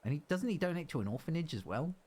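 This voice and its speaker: A man's voice: fairly high pitch, lively intonation, rapid-fire, darkish tone. Chatty, rambling male game streamer. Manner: chatty, rambling, self-interrupting. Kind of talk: casual gameplay commentary.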